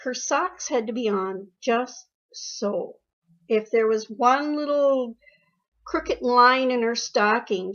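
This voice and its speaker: An older woman being interviewed about her daughter, telling family stories in a fond way and repeating phrases. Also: on the high side. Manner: warm storytelling, emotional, repeats phrases. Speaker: interviewee, mother. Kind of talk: reminiscing interview. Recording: dull lo-fi recording.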